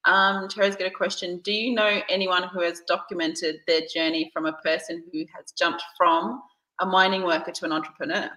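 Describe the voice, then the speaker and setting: Woman host, eager, bright tone, roomy echo. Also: lowish voice, flat delivery, fairly quick. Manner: enthusiastic, reads out viewer comments. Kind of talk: casual interview. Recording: echoey room.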